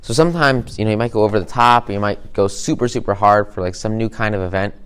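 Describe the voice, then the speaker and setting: A man's voice: fairly low pitch, fast, clean tone. A man coaching on sales and cooperation in a casual, enthusiastic talk, repeating phrases and using many fillers. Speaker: business coach. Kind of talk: casual teaching talk to camera.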